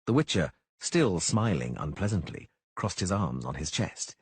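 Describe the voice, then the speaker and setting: A man reads a fantasy audiobook in a husky voice with measured storytelling. His pitch moves a great deal. The recording is dry and close. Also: big pitch swings, dry recording. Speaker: audiobook narrator. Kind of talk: scripted narration.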